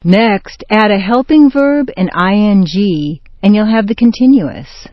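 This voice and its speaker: Slow, deliberate woman teaching. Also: mid-range voice, expressive, dry recording. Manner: slow, deliberate delivery with stressed example sentences. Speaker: accent and grammar teacher. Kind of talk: scripted instructional narration. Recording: dull, dry studio voice-over.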